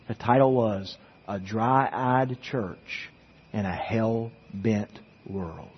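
A man's voice: on the low side, drawn-out words, slight background noise. A male pastor giving an earnest sermon, often repeating words as he goes. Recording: echoey church hall, dull lo-fi sound.

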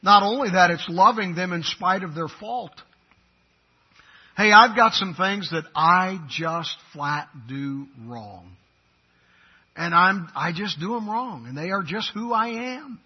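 A preacher with a high, husky voice delivers a sermon, his volume rising to forceful emphasis and dropping to near-hushed asides. The recording is dull and lo-fi. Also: expressive, slow. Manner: swings from loud emphatic preaching to quiet intimate asides. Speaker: pastor.

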